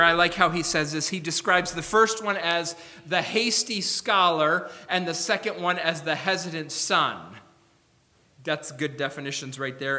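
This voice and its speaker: A man's voice: sits high, sharp tone. A male pastor preaching a sermon in a church, emphatic and acting out the people he quotes. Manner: emphatic, acts out quoted speakers. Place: church sanctuary. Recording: echoey church hall.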